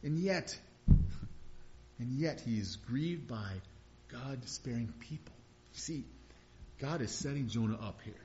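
A man's voice: medium pitch, animated, takes it slowly, long pauses, darkish tone, slight background noise. A man preaching a sermon in a conversational way, chuckling now and then and rising into emphatic bursts. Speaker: pastor. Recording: dull lo-fi sound.

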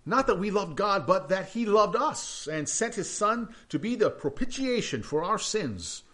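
A man preaching a sermon, reading scripture aloud and breaking into hushed, questioning asides. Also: sits high, a little slow. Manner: animated, swings between loud reading and hushed asides. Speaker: pastor.

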